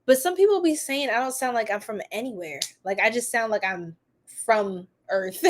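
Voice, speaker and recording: Giggly New York woman, slightly high voice. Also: lively intonation, moderate pace. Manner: goofy and giggly, laughs often. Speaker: tarot reader host. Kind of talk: casual livestream chat reading comments.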